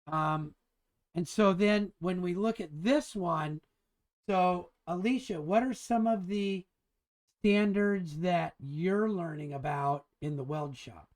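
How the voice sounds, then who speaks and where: A man teaching an engineering drafting class in a casual, chatty lecture, enthusiastic and rambling with frequent restarts. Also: a little high. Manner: enthusiastic and chatty, keeps calling things cool.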